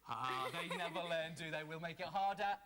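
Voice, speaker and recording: Man, game show host, high voice, bright and sharp tone, teasing, loud bursts of cheering. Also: moderate pace. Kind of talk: children's game show presenting.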